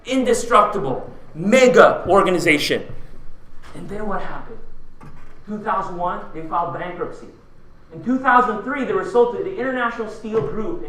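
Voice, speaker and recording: A man from the Philippines, high-pitched with a pushed, bright delivery, fires rhetorical questions at his audience during a punchy keynote. The mic sits far away in a large, echoey conference hall.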